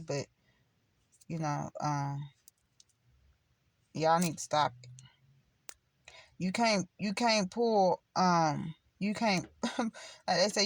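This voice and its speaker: A woman's voice: on the low side, no echo. A middle-aged woman chatting casually on her channel in a blunt, preachy, rambling way. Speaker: spiritual vlogger. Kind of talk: casual direct-to-camera chat.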